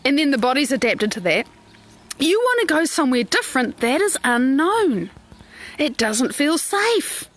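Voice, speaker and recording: Lively high-voiced woman coach, dry sound. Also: moderate pace. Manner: expressive, acts out quoted inner voices, greets viewers. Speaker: life coach. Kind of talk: live-streamed coaching talk. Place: outdoors in the sun.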